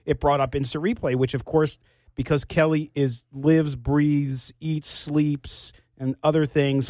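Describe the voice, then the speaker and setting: A man's voice: a little high, darkish tone, dry recording, clean studio sound. A man hosting a sports radio show, talking with enthusiasm and frequent restarts.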